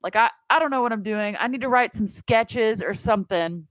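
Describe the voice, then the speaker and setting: A woman in her thirties co-hosting a casual podcast chat, telling self-mocking stories with lively swings of pitch. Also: fairly quick, dry recording. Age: 30s. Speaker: podcast co-host.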